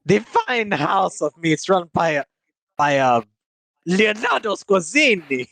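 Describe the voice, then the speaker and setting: A solemn old orc sea captain with a Scottish burr, as a game master puts him on. He speaks earnestly and boomingly to his crew, his voice swinging up and down expressively. The sound is dry and close, with no room around it. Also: very animated, takes it slowly, gravelly, fairly bright tone, no room sound, exaggerated voice. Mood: rousing. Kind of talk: tabletop role-play.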